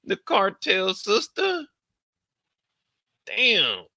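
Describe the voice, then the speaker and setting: Animated, profane man, bright high voice. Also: very slow, no room sound. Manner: animated, profane, acts out scenes in high squeals and shouts. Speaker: TV show reaction commentator. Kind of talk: casual reaction commentary.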